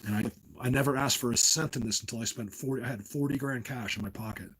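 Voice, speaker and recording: A husky middle-aged man from New Jersey hosts a casual live stream, talking straight to his chat. He drifts from one tangent to the next and laughs often along the way. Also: mid-range voice, fast, fairly bright tone, low-quality recording. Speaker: livestream host.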